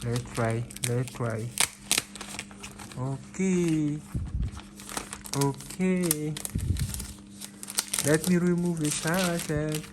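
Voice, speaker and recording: A man narrates an unboxing into his phone, excited and full of disbelief, repeating his phrases. His voice sits a little high and he speaks slowly. Steady noise runs under the recording. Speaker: vlogger. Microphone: phone camera.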